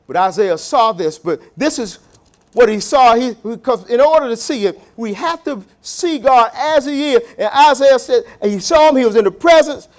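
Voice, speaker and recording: A man from the preaching a sermon in a church. He swings from loud, emphatic bursts to low, quiet asides and stretches out key words. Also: animated, normal speed. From Southern United States. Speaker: pastor. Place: church sanctuary.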